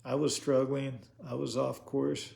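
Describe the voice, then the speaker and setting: A man's voice: medium pitch, level tone, unhurried, creaky, darkish tone. A man giving an informal sermon, earnest, asking rhetorical questions and repeating himself. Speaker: preacher.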